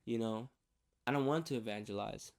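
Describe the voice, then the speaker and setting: A man giving a candid personal faith testimony on his vlog, talking haltingly with many restarts and repeated words. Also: lowish voice, creaky. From New York. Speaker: faith vlogger.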